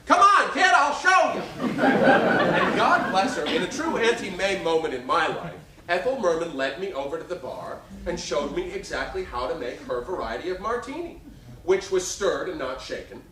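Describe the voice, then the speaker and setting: A man in his fifties performing a one-man show, telling stories in an animated, self-mocking way. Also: a little high, moderate pace, noisy background. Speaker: stage performer. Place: theater stage. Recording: roomy live stage sound from a distance.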